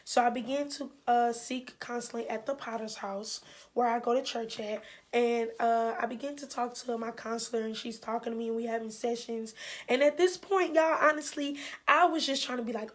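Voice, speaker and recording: A woman, telling a personal story in a candid, animated way and voicing the people she quotes. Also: on the high side, moderate pace. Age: 20s. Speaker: vlogger. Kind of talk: emotional storytime.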